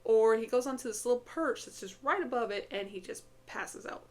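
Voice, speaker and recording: A woman's voice: on the high side, a little fast. Chatty woman vlogging about her cats. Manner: chatty and affectionate, baby talk to her cat. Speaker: pet vlogger. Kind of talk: casual vlog chat. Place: home, indoors.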